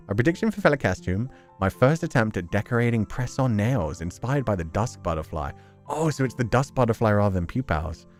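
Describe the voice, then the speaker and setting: Giggly low-voiced male streamer. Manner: giggly, laughs often. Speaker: streamer reading fan art. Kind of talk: casual live-stream chat.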